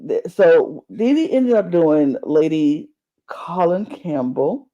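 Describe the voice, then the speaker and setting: A man's voice: on the high side, sing-song, takes it slowly, dark tone. A man co-hosting a podcast, chatting casually and rambling about a reality show with lots of fillers and restarts. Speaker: podcast co-host. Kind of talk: casual reality-TV recap chat. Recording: dull lo-fi podcast audio.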